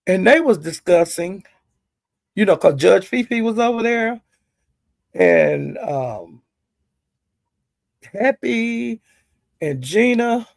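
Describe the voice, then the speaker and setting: A woman's voice: a little high, animated, darkish tone, no room sound, clean studio sound. A woman hosting a live stream, ranting and cursing heatedly at someone while chatting with viewers. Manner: cursing, heated, drawn-out insults. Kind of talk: angry profane rant to viewers.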